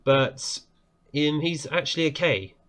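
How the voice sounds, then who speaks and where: A man giving casual, excitable commentary on a football management game, reacting loudly to the action and laughing often. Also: fairly high pitch. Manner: excitable, quick to laugh and exclaim, commentating on a simulated match. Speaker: gaming YouTuber.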